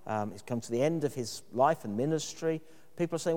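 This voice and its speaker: Mellow-voiced preacher in a reverberant church. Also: male voice, medium pitch, measured pace. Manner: thoughtful, conversational preaching with fillers. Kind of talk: sermon.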